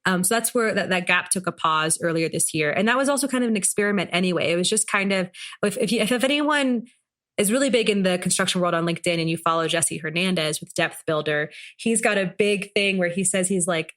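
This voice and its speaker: This is a woman in her thirties, a business founder appearing as a podcast guest, talking in a chatty, playful, casual interview style full of fillers. She speaks fast, in a fairly low-pitched voice with a bit of brightness.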